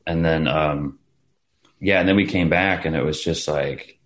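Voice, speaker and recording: A man's voice: very deep voice, unhurried. A man, an actor guest, chatting casually in an interview, telling stories with lots of restarts and laughter. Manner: animated storyteller, acts out quotes, laughs often, many restarts.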